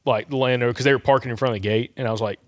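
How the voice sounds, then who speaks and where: A man's voice: medium pitch, very fast, no echo. Dry-voiced man telling stories. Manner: rambling, relaxed anecdote-telling. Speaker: podcast host. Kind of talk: casual podcast storytelling.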